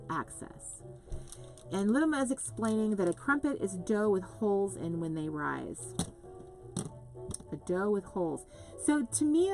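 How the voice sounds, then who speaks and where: A woman hosting a live crafting show, chatting casually, reading out viewer comments and laughing often. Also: lowish voice.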